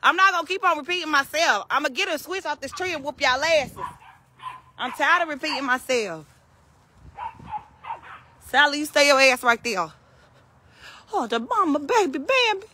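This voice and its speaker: A woman's voice: high-pitched, expressive, normal speed, pauses often, sharp tone, slight background noise. A woman calling and scolding her farm animals outdoors, as if they were naughty kids. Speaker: vlogger. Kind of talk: casual chat while calling farm animals.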